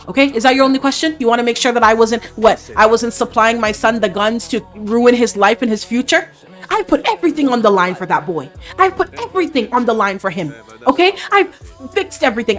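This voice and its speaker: A woman voicing an indignant, wealthy older father and grandfather who turns sarcastic and shouts in outrage. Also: on the high side, voice pushed up. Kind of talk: voicing game characters in a let's play.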